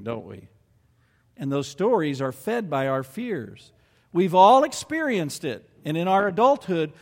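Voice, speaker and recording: A man's voice: fairly high pitch, long reverb tail. A man preaching a sermon and reading scripture aloud, earnest and building to emphatic peaks.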